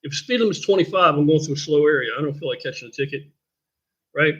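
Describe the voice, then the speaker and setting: An older man talks on a live stream, rambling and swearing freely in a husky voice that sits a bit high for a man. The sound is dull and lo-fi. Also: fast, a bit bright. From United States. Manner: blunt, profane and rambling. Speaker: host. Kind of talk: casual live-stream chat.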